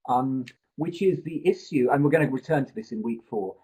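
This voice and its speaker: During a live online pronunciation seminar, the male tutor talks into his computer mic, explaining at length and restarting his thoughts aloud. His medium-pitched voice is warm with a breathy edge and a slightly fast pace, captured in poor audio.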